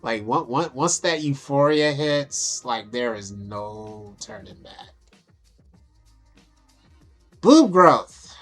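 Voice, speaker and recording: A woman's voice: rumbling low, lively intonation, takes it slowly, faint music behind. A young adult woman vlogging casually, brash and profane, amused at herself as she talks through photos. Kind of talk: casual vlog talk over photos.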